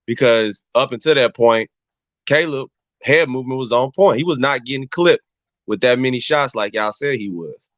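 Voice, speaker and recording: A man's voice: mid-range voice, normal speed, a bit bright, no echo. A man in casual barbershop chat, breaking down a fight emphatically, repeating his points and talking to everyone as y'all. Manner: emphatic, repeats phrases, addresses the crowd as y'all. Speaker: barbershop regular giving boxing analysis. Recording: dull, slightly muffled, dry sound.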